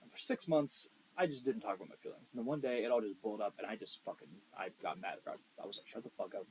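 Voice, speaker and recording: A young man co-hosting a podcast in casual chat, blunt and profane, swinging between loud emphasis and quiet asides. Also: on the low side, lively intonation, fast talker, slight background noise, rough recording. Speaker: podcast co-host.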